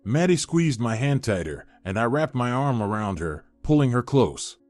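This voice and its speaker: A man narrating a scripted first-person drama story in an expressive, dramatic way. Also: mid-range voice, normal speed, no echo, soft background music.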